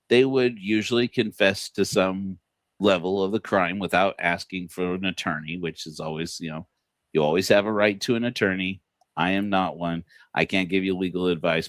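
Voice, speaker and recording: A man's voice: sits low, no echo. A man hosting a casual livestream, rambling with many fillers and restarts and laughing at his own jokes. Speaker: podcast host.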